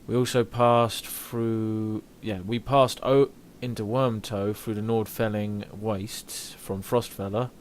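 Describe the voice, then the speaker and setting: A man's voice: on the low side, steady tone, slow, few pauses, slight background noise. A young man chatting casually while streaming a video game, rambling and reading game text aloud. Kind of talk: casual live gameplay commentary.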